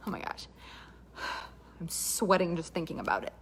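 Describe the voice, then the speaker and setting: A woman's voice: mid-range voice, sing-song, takes it slowly, pauses often, husky. A woman from Canada telling a comic personal story with dramatic asides and quoted dialogue.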